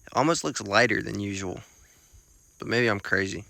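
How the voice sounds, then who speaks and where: A young man vlogging on a rural road at night, chatty, excitable and self-mocking, with slang. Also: lowish voice, normal speed, creaky. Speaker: field herper vlogger. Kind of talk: casual vlog narration on the road.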